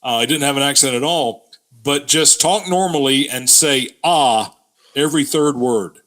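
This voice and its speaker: A man from Georgia in the US, a podcast guest telling relaxed anecdotes in casual chat. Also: medium pitch, normal speed. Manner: relaxed anecdote teller, many "you know" fillers.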